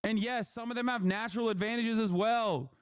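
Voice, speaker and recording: A man delivering a heated, profane political commentary rant, often breaking into shouting. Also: high voice, a little fast, clean tone, no room sound, clean studio sound. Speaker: streamer being watched.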